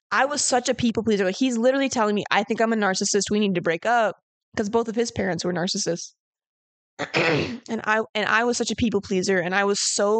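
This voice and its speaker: A woman's voice: medium pitch, no room sound. A young woman hosting a podcast, telling a personal story in a candid, rambling way with lots of "like". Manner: candid, rambling, heavy use of "like". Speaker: podcast host.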